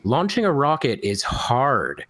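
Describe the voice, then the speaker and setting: A man on a casual online panel, hesitant and halting, stumbling over his restarts. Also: mid-range voice, huge pitch swings, fairly bright tone, no room sound.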